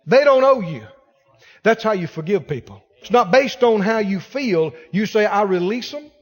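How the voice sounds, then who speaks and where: A man preaches to his congregation with a high, lively voice that leaps around as he acts out the people in his stories. His words ring out through a reverberant church hall, where the sound hangs in the air. He speaks from the pulpit through a handheld or clip-on mic. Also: normal speed. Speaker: pastor. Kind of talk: sermon.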